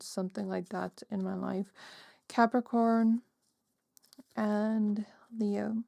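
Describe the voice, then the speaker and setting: A woman's voice: a little high, slow pace, creaky, dry recording, clean studio sound. A woman giving a casual pick-a-card tarot reading, musing aloud with many fillers. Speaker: tarot reader.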